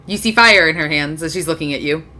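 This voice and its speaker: A woman's voice: low-pitched, quick pace, sharp tone, a little hiss or hum. A woman running a tabletop game as game master, casual and tired, laughing between lines.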